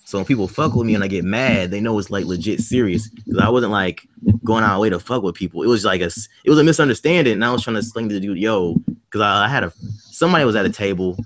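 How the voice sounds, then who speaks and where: A man's voice: on the low side, fast talker, slight background noise. A man on a podcast panel telling a profane story in casual chat, acting out the lines of everyone in it. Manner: animated, profane, acts out quoted dialogue.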